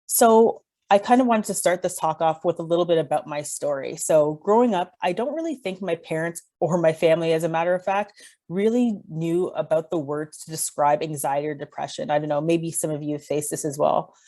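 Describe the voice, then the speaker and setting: Low, mellow-voiced woman giving a talk. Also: fairly quick. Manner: earnest, personal storytelling. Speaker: mental health speaker. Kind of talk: presentation talk.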